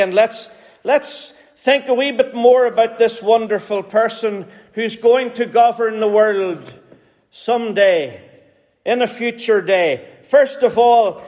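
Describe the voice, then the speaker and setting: A man's voice: high-pitched, darkish tone. A man with a Northern Irish accent preaching a sermon in an earnest, pleading way, repeating phrases for emphasis. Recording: hall reverb.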